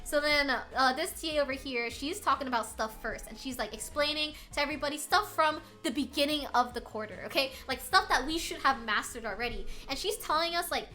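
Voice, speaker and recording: A young adult woman streaming, telling a story in a casual, animated chat full of filler words. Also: high voice, moderate pace, soft background music.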